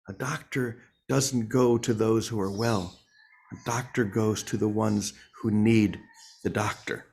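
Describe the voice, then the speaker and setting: A man leading a morning spiritual session in a playful, humorous way, calling on listeners by name. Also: mid-range voice. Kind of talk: informal sermon.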